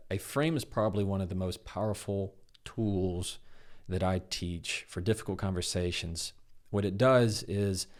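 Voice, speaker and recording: A man, a podcast guest, explaining how to handle difficult conversations and acting out bits of dialogue as he goes. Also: low voice. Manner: animated, acts out dialogue in quoted voices. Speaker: guest, communication expert. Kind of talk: conversational explanation with acted examples.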